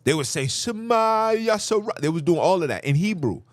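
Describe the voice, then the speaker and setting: On his podcast, a man gives a fervent religious monologue in an animated, sermon-like way, with repetition for emphasis. He talks fast in a higher voice, on a dry, clean studio recording.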